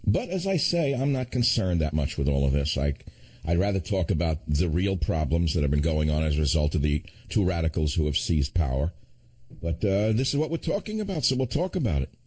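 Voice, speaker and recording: A man's voice: low-pitched, big pitch swings, brisk, darkish tone, breathy edge. An older man hosting a political talk radio show, combative and sarcastic, rambling through asides.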